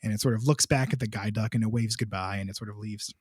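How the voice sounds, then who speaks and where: A man's voice: fairly low pitch, fairly even intonation, fast, breathy edge, no echo, clean studio sound. Chatty young man telling a story. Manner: chatty, rambling, many filler words. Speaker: composer, podcast guest. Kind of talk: casual storytelling.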